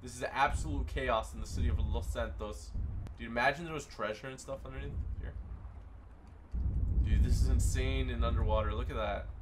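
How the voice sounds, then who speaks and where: A young man giving excited commentary while playing a video game, often breaking into loud bursts of surprise. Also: mid-range voice, noisy background. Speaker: gaming YouTuber.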